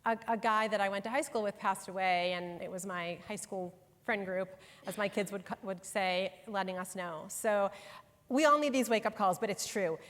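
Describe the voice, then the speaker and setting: A woman's voice: medium pitch, normal speed, fairly bright tone. A middle-aged woman from New York gives a conversational, emphatic workshop talk to professionals in a conference room. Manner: conversational and emphatic, speaking directly to the audience. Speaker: workshop presenter and author. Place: conference room before a live audience. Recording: long hall reverb in a large room.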